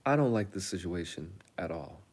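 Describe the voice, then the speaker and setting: A man's voice: low-pitched, expressive, a little mellow. A man putting on a stern lady judge. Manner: measured, scolding, then casual and slangy. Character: stern female judge lecturing a defendant.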